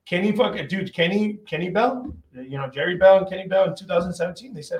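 A man's voice: high-pitched, fast, few pauses. A man speaking as a podcast guest, a company founder giving blunt, profane, emphatic advice in casual conversation. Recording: roomy echo.

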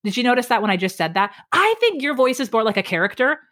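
A middle-aged woman guest on a podcast, explaining speaking tips in an energetic, emphatic way, varying her pace and pitch. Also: quick pace. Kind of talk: lively podcast interview.

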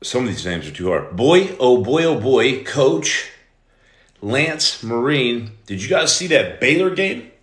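A man in his forties hosting a casual live stream, greeting viewers by name and breaking into loud outbursts. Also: medium pitch, very animated, measured pace. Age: 40s. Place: room at home. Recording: echoey room.

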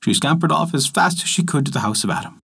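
A man narrating a folk tale in a measured, expressive storytelling manner, as host of a story podcast. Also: fairly high pitch, creaky, breathy edge. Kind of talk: scripted narration.

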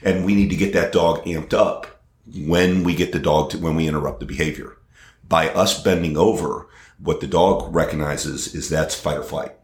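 A man with a very deep, low voice answers interview questions about training dogs, stopping and restarting often with frequent filler sounds. His voice carries a noticeable roomy echo, as if recorded in an open space. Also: fairly even intonation, moderate pace. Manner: hesitant, many fillers and restarts. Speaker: dog trainer. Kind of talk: conversational interview.

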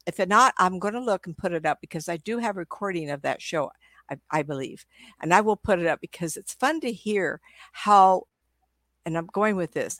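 An older woman tells lively stories as a guest on a video call from home. Her voice is a bit low for a woman and sounds dry and close to the mic. She talks in an animated, chatty way, laughs often, and keeps restarting her sentences. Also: dry recording. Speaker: psychic medium guest. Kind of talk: casual interview storytelling.

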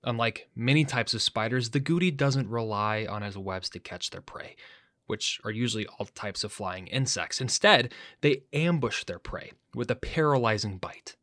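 A man's voice: medium pitch, normal speed, fairly bright tone, no echo, clean studio sound. A man hosting an educational podcast, talking in an enthusiastic, chatty way and often stopping to correct himself. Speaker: podcast host. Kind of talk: casual educational narration.

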